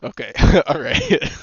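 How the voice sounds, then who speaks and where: A young man streaming a game, chatting casually with teammates, excitable, swearing and laughing often. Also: a little high, husky, no room sound. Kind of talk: casual gaming chat with teammates. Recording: slightly muffled dry stream mic.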